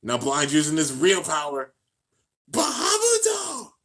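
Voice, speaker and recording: A man of ordinary pitch reacts to an anime with casual, slangy commentary. He talks the action through at a steady clip and bursts into loud, excited shouts when the battle peaks. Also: normal speed. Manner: hyped, shouts at big moments, slangy.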